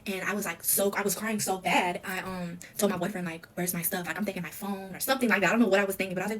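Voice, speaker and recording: A young adult woman telling her own story candidly in an interview, talking in rapid runs full of "like" and quoted dialogue. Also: medium pitch, steady tone. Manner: rapid, filler-heavy retelling with quoted dialogue.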